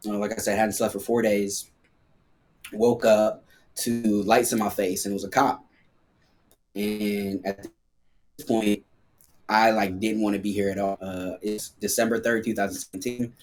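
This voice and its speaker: A man's voice: on the low side, level tone, moderate pace. A man guesting on a podcast, telling a personal story in a casual, slangy way full of fillers.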